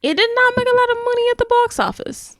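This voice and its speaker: A woman co-hosting a podcast in casual chat, chatty and quick to laugh. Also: very high voice, expressive, a bit bright, no room sound, clean studio sound. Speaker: podcast co-host.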